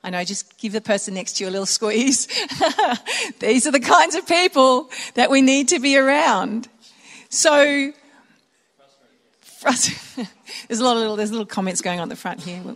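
A woman's voice: on the high side, expressive, moderate pace, pauses often. An older woman pastor preaching a sermon in a church auditorium, conversational, with chuckling asides. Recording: long hall reverb.

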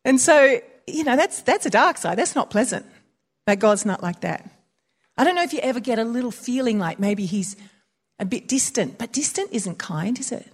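A woman's voice: on the high side, animated, moderate pace, husky. A woman preaching in a chatty, conversational way, mixing scripture with personal stories. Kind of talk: conversational sermon.

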